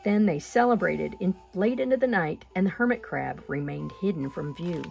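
A woman reading a children's picture book aloud with gentle, expressive pacing. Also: on the low side, normal speed, vocal fry, highs cut off, faint music behind. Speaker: storyteller.

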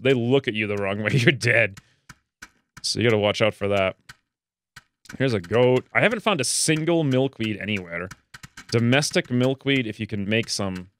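Excitable man narrating his gameplay. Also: a little hiss or hum. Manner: chatty, excitable, jumps to high pitch when delighted. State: stuffy nose. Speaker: let's play gamer. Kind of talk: casual gameplay commentary.

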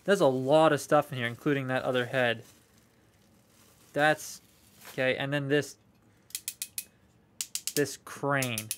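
A man's voice: mid-range voice, fairly even intonation, slow, long pauses, clean tone. A young man chatting casually on a live stream while unboxing collectible toys, rambling, swearing freely and answering viewer comments.

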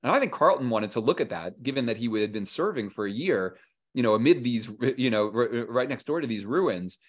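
Guy chatting about history, middle pitch, does little voices for who he's quoting, lots of um and restarts. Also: brisk. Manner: animated storytelling, acting out quoted historical figures in casual voice; frequent fillers and restarts. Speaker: historian and author guest. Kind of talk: conversational interview.

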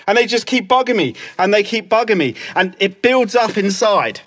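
A man softly telling a story in a whispered song cover, close to a lo-fi microphone. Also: sits high, lively intonation, fairly quick, few pauses. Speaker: ASMR performer. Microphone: lo-fi close mic.

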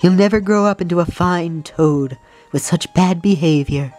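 A woman's voice: fairly low pitch, normal speed, darkish tone, faint music behind, lightly acted. A woman voicing a fussy, sugary but scolding mother Toad from a video game, in a sing-song motherly way.

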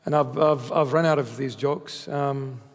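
A male bishop giving a sermon's closing words and prayers in a measured, solemn way. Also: medium pitch, fairly even intonation. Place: church. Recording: long church reverb.

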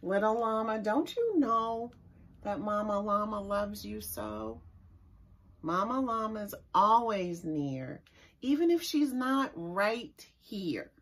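A woman, a children's librarian, reads a picture book aloud to young children in an expressive, sing-song way and stops now and then to explain words. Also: mid-range voice, slow. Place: library story time recorded for online viewing.

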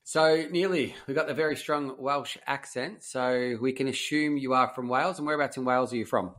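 A man's voice: medium pitch, fairly quick, a bit bright. An Australian man hosting a podcast, interviewing a guest over a video call in a loose, rambling way with many restarts. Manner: rambling, restarts questions often. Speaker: podcast host. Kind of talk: casual interview chat.

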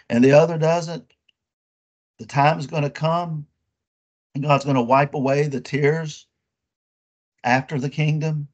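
A man preaching a sermon with emphatic, drawn-out phrases and rhetorical questions to his listeners. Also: medium pitch, darkish tone, muffled recording.

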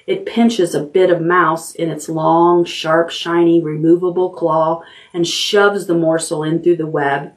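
A woman librarian reading a chapter book aloud at bedtime, unhurried and expressive. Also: on the low side, far from the mic.

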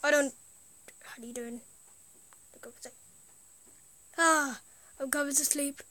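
Female gaming host: high voice, slow rambling chat, dry close sound. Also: fairly even intonation, sharp tone, no room sound. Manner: rambling, easily amused, trails off. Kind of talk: casual gameplay commentary.

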